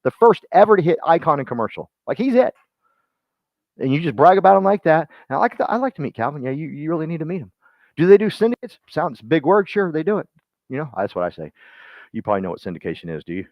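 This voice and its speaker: This time his voice sits on the high side, very animated and fast, as he leads his real estate agents in a rambling, folksy pep talk and names people directly. The recording is dry, dull and lo-fi.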